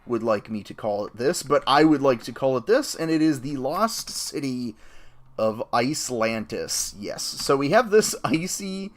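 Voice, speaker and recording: A man talking casually over a game stream as the host, rambling and chatty, with excited jumps in pitch. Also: measured pace. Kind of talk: casual gameplay commentary.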